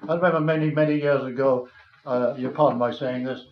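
A man's voice: medium pitch, steady tone, brisk. An older man preaching a sermon, earnest and tender, rising to fervent emphasis. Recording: dull, roomy, slightly noisy recording.

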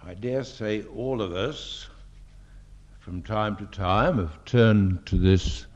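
An older man, preaching a sermon at a fellowship meeting and reading scripture in a slow, deliberate, emphatic way. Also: fairly low pitch, darkish tone. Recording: dull lo-fi recording.

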